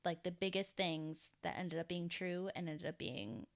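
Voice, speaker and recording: Expressive, self-mocking American woman host. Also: fairly low pitch, moderate pace. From United States. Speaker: podcast co-host. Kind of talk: casual chat.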